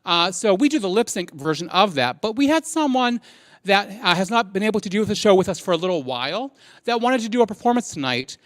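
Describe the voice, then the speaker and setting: A man's voice: sits high, big pitch swings, a little fast, a bit bright, no room sound. A man hosting a live fundraiser from a lounge venue, upbeat and introducing acts with fillers. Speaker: host of a live fundraiser stream.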